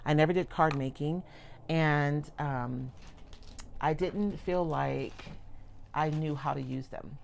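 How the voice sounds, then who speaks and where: Low gravelly-voiced woman demoing crafts. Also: slow, slight background noise. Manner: chatty, rambling, self-interrupting. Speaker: craft product demonstrator. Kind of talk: casual livestream craft demo. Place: home craft table.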